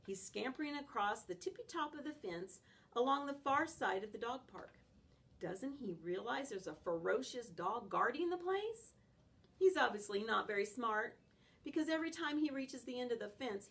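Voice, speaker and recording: A woman reading a children's novel aloud in an expressive, animated first-person style. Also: fairly high pitch, creaky. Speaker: audiobook reader.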